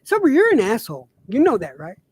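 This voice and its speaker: A man's voice: extremely high pitch, fast talker, husky, dry recording. A man hosting a live stream, stammering and teasing his guests. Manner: animated, stammering, laughing teasingly. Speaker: stream host. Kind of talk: casual stream chat.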